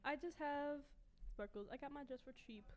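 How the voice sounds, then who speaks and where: A woman's voice: sits high, moderate pace, slight background noise. A teenage girl hosting a casual chat, rambling with lots of fillers. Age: teens.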